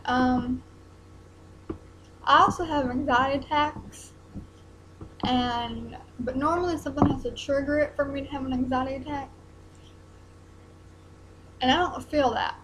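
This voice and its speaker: A young woman, talking haltingly in a personal vlog while close to tears. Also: high voice, steady tone, a bit bright, slight background noise, poor audio. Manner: hesitant, halting, many ums and restarts.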